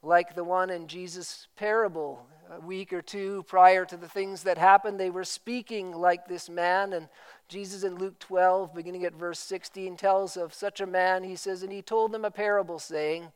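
A man's voice: sits high, fairly even intonation, normal speed, clean tone, low-quality recording. A man preaching a sermon as pastor, emphatic and full of rhetorical questions.

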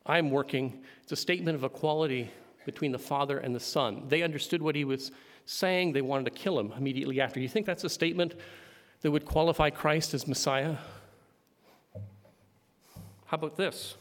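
A man preaching a sermon, building to loud emphatic climaxes. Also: on the high side, fairly quick. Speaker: pastor. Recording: long hall reverb.

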